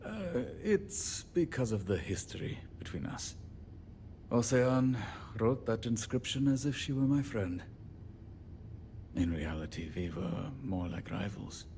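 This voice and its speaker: A game's grumpy but good-humoured handyman, his voice sitting low and steady. He jokes at his own expense and owns up to his temper. A faint hiss lies under the line. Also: measured pace. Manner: wry, joking, self-deprecating. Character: irritable self-deprecating male handyman, joking. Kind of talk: video game character dialogue.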